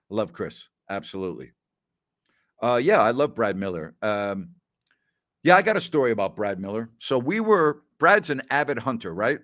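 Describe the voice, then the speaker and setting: A middle-aged man with a middling pitch hosts a relaxed Q&A, answering listener questions through warm, rambling anecdotes. He acts out snippets of dialogue and keeps returning to the word "absolutely."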